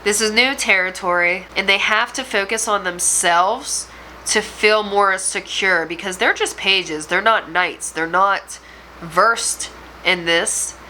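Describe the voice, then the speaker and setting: A woman tarot reader giving an intuitive reading to her viewers, speaking gently, with small laughs and frequent restarts. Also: mid-range voice, slow, slight background noise, low-quality recording.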